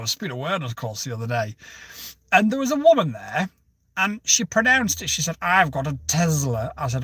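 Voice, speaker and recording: A man's voice: on the high side, breathy edge, no room sound. Chatty man on a dry, distant mic. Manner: chatty, wry storytelling with sudden animated outbursts. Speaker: livestream host. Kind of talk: casual live chat reading viewer comments. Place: home studio.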